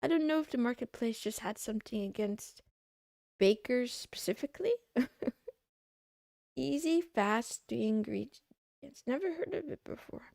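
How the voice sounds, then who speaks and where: A young woman streaming, chatting casually and rambling as she browses, thinking out loud and trailing off. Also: on the high side, expressive, normal speed, gravelly, pauses often, no room sound, studio quality. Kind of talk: casual livestream chat.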